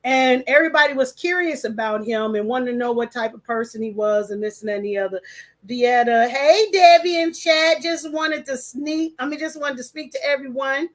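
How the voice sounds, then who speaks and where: With a high voice and a moderate pace, a woman runs a casual livestream at home, greeting her audience and reading comments while stumbling over names.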